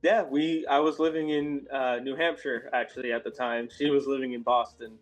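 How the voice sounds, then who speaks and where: A man's voice: mid-range voice, little pitch movement, normal speed, faint music behind. An American man from Massachusetts, a guest in a casual interview, chatting in a friendly, rambling way. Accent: American English. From Massachusetts, USA. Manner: friendly, rambling with fillers and laughs.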